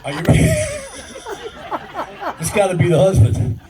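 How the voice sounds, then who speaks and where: An older man works a club crowd in a stand-up set, crude and brash. His voice runs high and swings up and down a lot. He sounds far from the mic, and a loud audience laughs behind him. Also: wildly swooping pitch, moderate pace. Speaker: stand-up comedian. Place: live comedy club.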